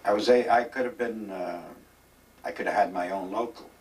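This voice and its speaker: Low-voiced older man telling old stories. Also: normal speed, a little mellow, distant mic, rough recording. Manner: rambling, emphatic, acts out quoted dialogue. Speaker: interviewee. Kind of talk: reminiscing storytelling. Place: retirement village home.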